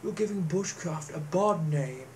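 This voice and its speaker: A man mimicking a prim male bushcraft enthusiast who scolds in a soft, reproachful way. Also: a little high, animated, a little slow, a little hiss or hum.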